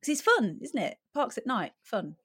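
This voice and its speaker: A woman's voice: on the high side, wildly swooping pitch, normal speed, a bit bright, breathy edge. A woman from England, a podcast guest, chatting casually and giggling often. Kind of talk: casual chat.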